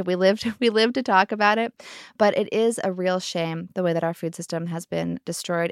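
A woman's voice: mid-range voice, no room sound, studio quality. A woman in her thirties hosting a podcast, telling stories in a casual, wry and sarcastic way. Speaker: podcast host. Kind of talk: casual conversation.

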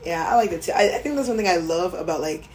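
A young adult woman co-hosting a podcast, telling stories in an animated, chatty way. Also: fairly low pitch, quick pace, background noise. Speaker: podcast co-host. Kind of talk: casual chat.

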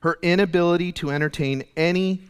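Man, pastor, sermon, earnest conversational preaching, higher voice, long echo of a church hall. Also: fairly even intonation, fairly quick, smooth. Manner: earnest, conversational preaching, drops soft and low for quoted lines. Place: church sanctuary.

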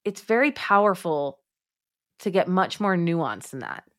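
In a podcast interview, a woman who works as a mom coach talks with a lowish, unhurried voice. Emphatic and direct, she addresses the audience as "my friends" and voices quoted thoughts with lively acting.

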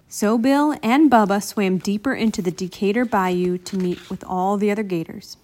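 A woman reading a children's picture book aloud in an expressive, animated way. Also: medium pitch, moderate pace, few pauses. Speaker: storybook reader.

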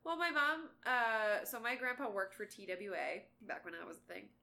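Bright-voiced young woman, chatty podcaster. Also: mid-range voice, moderate pace, vocal fry. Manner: chatty, animated storytelling with laughs. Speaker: podcast co-host. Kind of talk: casual chat.

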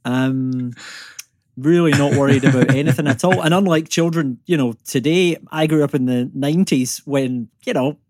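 A man's voice: medium pitch, moderate pace, darkish tone, no room sound, clean studio sound. A man in his thirties with a Scottish accent, a climate economist and comedian, chatting casually and self-deprecatingly as a podcast guest. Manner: chatty, self-deprecating, many fillers and restarts.

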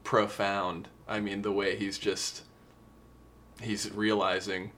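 Low-voiced man discussing songs. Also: level tone, slow, fairly bright tone, slight background noise. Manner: emotional, earnest, quotes lyrics at length. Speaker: podcast co-host. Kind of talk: casual music review chat.

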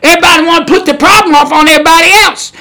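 A male preacher with a very high voice and a bright, forceful edge delivers a podcast sermon. His wording is blunt and folksy, full of rhetorical questions. He punches key words with sudden shouts. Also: fairly even intonation, rapid-fire.

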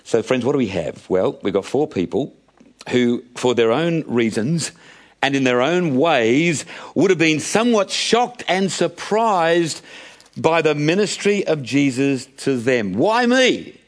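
A middle-aged man preaching to his congregation in a mid-pitched voice. He tells Bible stories with drama and calls his listeners friends. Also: animated, unhurried. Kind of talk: sermon.

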